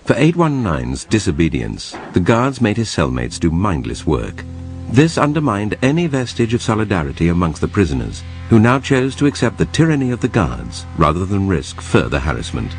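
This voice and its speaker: A man narrates a documentary in a very deep voice. His intonation moves a lot as he reads his script in a grave, measured way. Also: wildly swooping pitch, soft background music.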